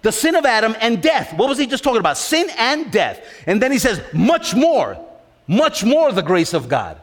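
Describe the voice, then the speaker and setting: A man delivers a sermon in a high, animated voice that rises and falls widely. He hammers home phrases by repeating them and keeps asking his listeners questions. The sound trails off in the long reverb of a church hall. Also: moderate pace. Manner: emphatic, repeats phrases, asks the congregation questions. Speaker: preacher.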